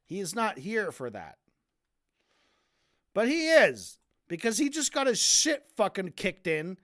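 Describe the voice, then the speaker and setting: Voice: mid-range voice, huge pitch swings, a little slow, long pauses, fairly bright tone. Profane, heated debate streamer. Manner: stumbles and repeats words. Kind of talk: casual ranting commentary.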